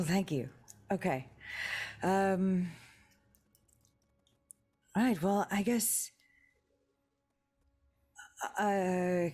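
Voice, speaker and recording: A woman voicing a halting, awkward young man. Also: fairly low pitch, a little mellow. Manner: halting, full of ums and restarts.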